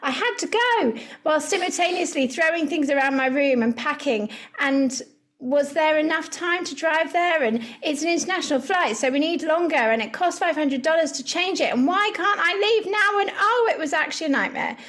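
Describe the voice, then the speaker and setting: A woman's voice: high-pitched, animated, moderate pace, a bit bright. A woman in her early forties co-hosting a podcast, chatting casually and reading out listener posts with frequent giggles. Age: early 40s. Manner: giggly, chatty, laughs often. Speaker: podcast co-host.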